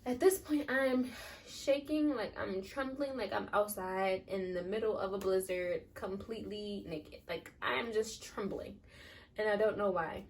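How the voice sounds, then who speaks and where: A young woman who is a new mother and vlogger tells a personal story in a casual, rambling, chatty way, leaning heavily on "like." Her voice is medium-pitched, with fairly even intonation and a measured pace. The recording is distant, with a little hiss or hum.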